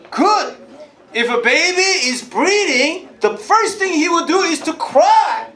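High-voiced, lively preacher man. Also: unhurried. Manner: lively, calls out to the congregation and laughs often. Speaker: pastor. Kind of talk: sermon.

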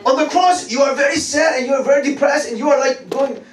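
A man in his thirties preaching a lively sermon, animated and laughing, repeating phrases and calling out to the congregation. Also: extremely high pitch, fast talker. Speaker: pastor. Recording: echoey room, mic at a distance, faint noise.

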